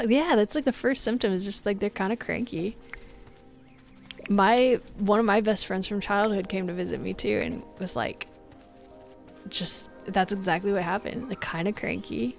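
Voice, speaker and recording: A woman's voice: medium pitch, moderate pace, gravelly, faint music behind. A young woman streaming live, chatting casually with her viewers in a bossy, laughing way and acting out what people say. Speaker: Twitch streamer.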